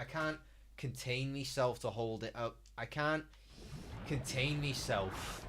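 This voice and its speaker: A man's voice: mid-range voice, background noise. A man streaming a game live, chatting loosely and crudely with his viewers in a rambling way. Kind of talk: casual live-stream chat while gaming.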